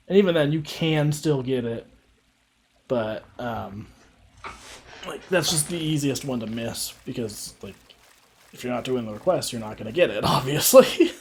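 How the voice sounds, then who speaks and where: A man's voice: medium pitch, darkish tone. Man chatting casually over gameplay. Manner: rambling, many fillers, laughs often. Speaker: streamer.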